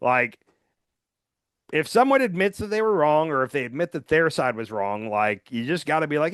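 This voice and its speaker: A man co-hosting a political podcast, talking casually and acting out quotes in a lively way. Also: a little high, no room sound, studio quality. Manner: animated, quick to act out quotes. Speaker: podcast co-host.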